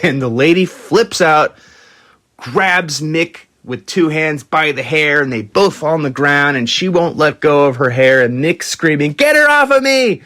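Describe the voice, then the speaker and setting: In clean studio sound with no room noise, a podcast host tells rock stories loosely and casually. His voice is unhurried and fairly bright. He's profane throughout and performs quotes in higher, raised voices.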